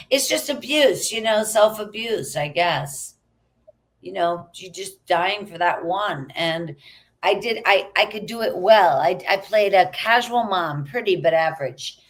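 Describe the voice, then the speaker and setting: A middle-aged actress, a woman, chatting casually as a guest and laughing easily. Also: lowish voice. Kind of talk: casual interview chat.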